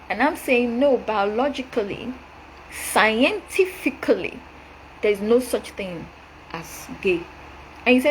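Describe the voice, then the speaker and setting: Woman delivering a forceful preachy rebuttal. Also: a little high, expressive, takes it slowly, a little hiss or hum, rough recording. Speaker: show host. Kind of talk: direct-address rebuttal monologue.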